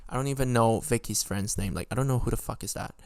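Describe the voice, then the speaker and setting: A young man hosting a podcast, telling a story in an animated, swearing monologue full of sudden indignant jumps in pitch. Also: fast, no room sound, clean studio sound. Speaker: podcast host.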